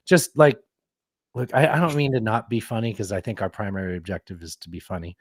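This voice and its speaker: A man's voice: medium pitch, fairly even intonation, brisk, no room sound, studio quality. A man co-hosting a podcast, reacting to clips in casual chat with a riled-up, sarcastic manner and lots of restarts. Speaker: podcast co-host.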